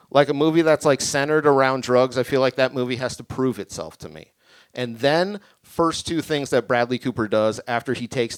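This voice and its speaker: Young guy doing standup, dry deadpan rambling, smooth clear voice, kinda tipsy. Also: mid-range voice, brisk, no echo. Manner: deadpan, rambling, self-deprecating. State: tipsy from drinking. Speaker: stand-up comic. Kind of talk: stand-up comedy set. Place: small creative community venue with live audience.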